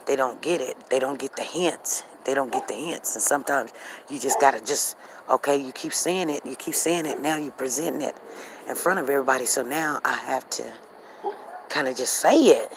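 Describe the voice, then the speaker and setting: A woman hosts a casual, rambling live chat on a phone as she walks outside, with faint outdoor noise behind her. She talks straight to her viewers and greets them by name. When she gets serious she drops her voice low and quiet. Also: low-quality recording. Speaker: livestream host. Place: outdoors, walking.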